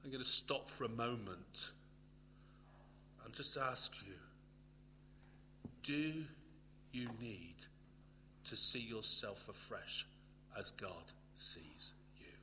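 A man delivering a sermon in a bright, forceful voice. He builds to loud emphatic peaks, then sinks to an intimate near-whisper, repeating key phrases for weight. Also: mid-range voice, animated, slow, pauses often, slight background noise. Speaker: preacher.

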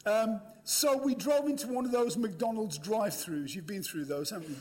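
A man's voice: high voice, normal speed, a little mellow. An older British man preaching a storytelling sermon, chatty and humorous, talking straight to a live audience. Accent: British English. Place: large hall with a live audience. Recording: echoey hall.

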